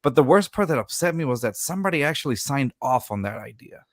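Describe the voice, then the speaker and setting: A man's voice: medium pitch, lively intonation, fast talker, no room sound, clean studio sound. A man hosting a casual sports podcast, rambling and restarting sentences, laughing often. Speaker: podcast host.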